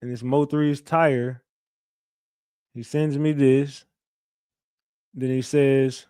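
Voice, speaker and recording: A man's voice: medium pitch, fairly even intonation, drawn-out words, pauses often, dark tone, clean tone, dry recording, studio quality. A man hosting a casual livestream, talking loosely and profanely, repeating himself and reading viewer messages aloud. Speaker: livestream host.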